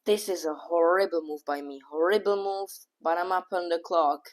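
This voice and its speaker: A woman with a somewhat low voice talks through her own chess game as she plays it. She thinks aloud move by move in casual slang, quick to exclaim and quick to call her own play horrible. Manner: excitable, self-critical, thinks aloud move by move; casual slang, says "bro" and "oh my god". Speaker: chess streamer.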